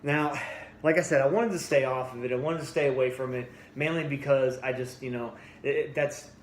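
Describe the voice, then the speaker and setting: A man's voice: mid-range voice, fairly even intonation, brisk, a little hiss or hum. Blunt man ranting in an echoey room. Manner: blunt, repeats himself, restarts sentences. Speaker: fitness vlogger. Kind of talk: heated opinion rant. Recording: echoey room with faint ambience.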